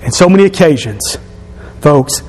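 A pastor preaching a sermon to his congregation, emphatic and rising to shouts at his key points. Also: on the high side, expressive, moderate pace, faint music behind. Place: church sanctuary. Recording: long reverb of a church hall.

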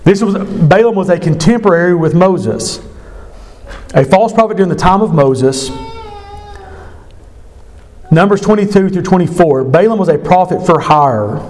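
A man's voice: sits high, normal speed, pauses often, a little mellow. A man retelling a scripture story to an evening Bible study, conversational and emphatic. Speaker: Bible teacher.

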